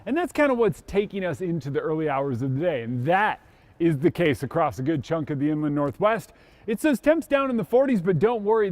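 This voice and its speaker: A man's voice: on the high side, darkish tone, no room sound. A man giving a chatty, upbeat TV weather forecast. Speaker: meteorologist.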